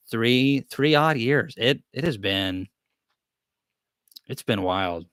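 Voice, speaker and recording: A man's voice: medium pitch, lively intonation, slow, long pauses, fairly bright tone, smooth, no room sound, clean studio sound. A man hosting a live-stream question-and-answer chat, talking in a rambling, easygoing, self-deprecating way. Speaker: beekeeping channel host.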